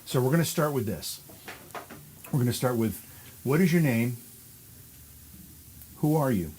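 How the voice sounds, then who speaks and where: A man hosting a live ghost hunt, narrating and asking slow, deliberate questions to spirits. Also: mid-range voice, lively intonation, a little mellow, a little hiss or hum, poor audio. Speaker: paranormal investigator host.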